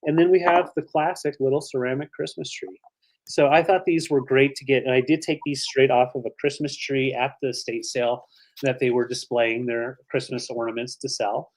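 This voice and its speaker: A man's voice: medium pitch, little pitch movement, normal speed. A man co-hosting a live online vintage sale, chatty and rambling, showing items and thanking viewers. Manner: chatty, rambling with fillers, emotional. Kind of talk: live online auction chat.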